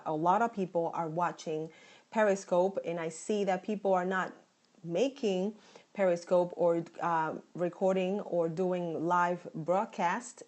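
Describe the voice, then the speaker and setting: Upbeat thirtysomething woman with a Boston accent. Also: fairly low pitch. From Dominican Republic. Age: 30s. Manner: upbeat, effusive, thanking viewers often. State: sore throat. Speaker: live-stream host and stylist. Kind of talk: live-stream chat reading viewer comments. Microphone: phone.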